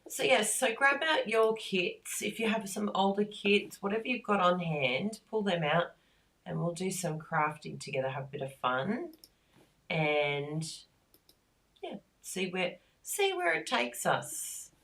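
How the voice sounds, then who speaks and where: A woman hosting a casual crafting live stream, chatty and easily excited. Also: fairly low pitch, unhurried. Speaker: crafting livestream host.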